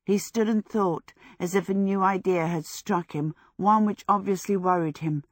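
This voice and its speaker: An audiobook narrator, a woman, reads a storybook aloud as scripted narration, her delivery measured and even at a middle pitch. The recording is close and dry, with no room sound and no echo.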